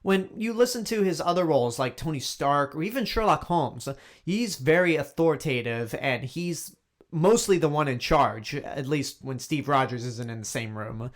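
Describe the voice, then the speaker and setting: Male movie reviewer, voice on the higher side, blunt and exasperated, emphatic delivery. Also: animated, moderate pace. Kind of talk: opinionated film review monologue.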